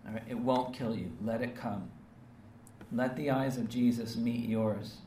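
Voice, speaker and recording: A male preacher delivers an earnest, emphatic sermon and keeps checking in with short rhetorical questions. His voice sits at an ordinary pitch for a man. He is heard from some distance in a reverberant space with faint background ambience. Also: fairly even intonation, normal speed, mellow, slight background noise. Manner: earnest, emphatic, with frequent rhetorical "right?" and "okay?" tags.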